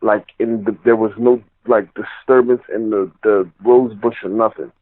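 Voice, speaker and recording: A man's voice: fairly low pitch, steady tone, normal speed, dry recording. A man telling a personal story in a rambling, casual way, full of "you know" and "like". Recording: tinny phone line.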